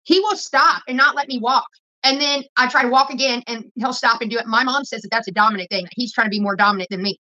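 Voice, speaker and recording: Woman, casual vlog rant, profane and blunt, rapid talk, muffled lo-fi audio. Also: fairly high pitch, bright, forceful tone. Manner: profane, blunt, rambling storytelling. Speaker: vlogger. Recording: dull lo-fi phone audio.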